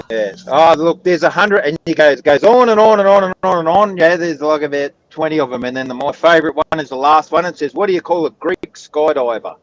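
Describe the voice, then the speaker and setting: A man's voice: fairly high pitch, lively intonation, brisk, no room sound, low-quality recording. A man, telling jokes in a dry storytelling way during a casual livestream chat. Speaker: joke teller on a livestream chat.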